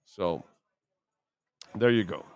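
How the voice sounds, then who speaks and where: A man's voice: low voice, animated, slow, darkish tone, clean tone, dry recording. A man in his fifties hosting a sports radio show, telling brash, profane stories in a casual way.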